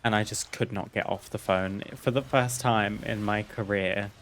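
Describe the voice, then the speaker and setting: A man with a fairly low voice talks over his gameplay, easygoing and frank. He drifts through a long personal story, laughing now and then and not minding a swear word. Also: steady tone, moderate pace, fairly bright tone, a little hiss or hum. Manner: chatty, candid, laughs and swears freely. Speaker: streamer.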